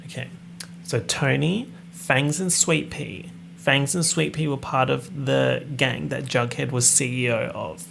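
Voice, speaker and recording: A man's voice: mid-range voice, steady tone, measured pace, gravelly, a bit bright, a little hiss or hum. A young man hosting a casual podcast, reading out a plot summary with sarcastic asides. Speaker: podcast host.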